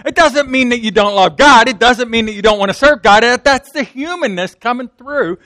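A man's voice: very high-pitched, moderate pace, bright, forceful tone, no echo, studio quality. A man from Pittsburgh with a Pittsburgh accent, preaching a sermon in a conversational, folksy way, acting out the quotes. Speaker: pastor.

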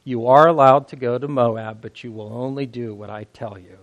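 A preacher playing a stern warrior angel rebuking a traveler, low and hushed. The voice drops in loudness but keeps the man's own plain sound. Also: steady tone, normal speed, dull audio, lightly acted.

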